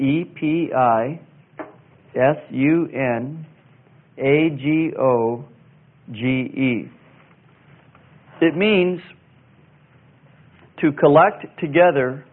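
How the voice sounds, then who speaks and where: A man teaching verse by verse through a Bible passage, slow and deliberate, pausing with fillers and spelling out Greek words. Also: medium pitch. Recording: tinny phone-like sound.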